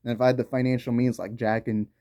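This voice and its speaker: A man's voice: medium pitch, little pitch movement, fast, warm tone, no echo, clean studio sound. A man delivering a heated, profanity-laced commentary rant on video, talking in slang. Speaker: YouTube commentator.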